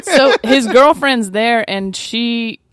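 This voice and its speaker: A woman's voice: on the high side, slow pace, fairly bright tone, smooth, no echo, clean studio sound. A woman co-hosting a podcast, telling a story in casual chat, laughing often and swearing freely. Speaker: podcast co-host.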